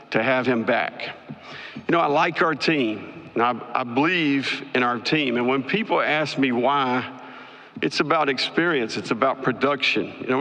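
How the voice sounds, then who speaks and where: A man who is a college football head coach giving a measured opening statement at a press conference. He lists his points one by one, with a few "you know" fillers. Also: mid-range voice, sharp tone. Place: large conference hall at a media event. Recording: long hall reverb.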